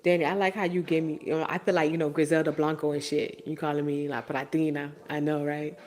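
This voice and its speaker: A woman's voice: sits low, level tone, quick pace, a little mellow. A woman in her forties hosting a casual live stream, reading viewer comments and answering them in a playful, teasing and profane way. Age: 40s.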